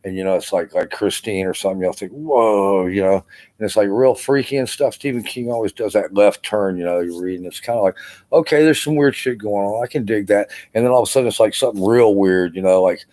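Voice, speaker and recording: Older male veteran, low and mellow, exhausted, rambling profane vlog chat. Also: fast. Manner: rambling, profane, full of "you know" fillers. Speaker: army veteran vlogger. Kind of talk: casual rambling vlog monologue. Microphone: camera.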